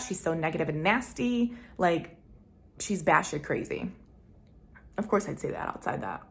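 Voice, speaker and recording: A young woman vlogger telling a personal story to camera, candid and slangy, swinging between loud emphasis and hushed asides. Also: low-pitched, big pitch swings, moderate pace, gravelly, pauses often. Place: home room.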